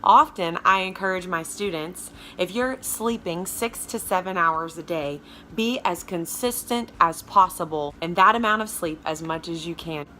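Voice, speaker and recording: A woman vocal coach with a Southern American accent and a low alto speaking voice, giving a chatty, emphatic lesson straight to her viewers. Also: moderate pace, hardly any pauses, bright, forceful tone, slight background noise. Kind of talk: casual video lesson.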